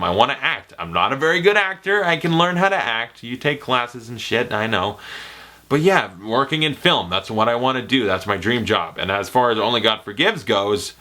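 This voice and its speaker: Lively young man chatting to camera. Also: mid-range voice. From Canada. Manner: animated, jokey, slips into movie-quote impressions. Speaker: YouTuber answering viewer questions. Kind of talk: casual Q&A vlog.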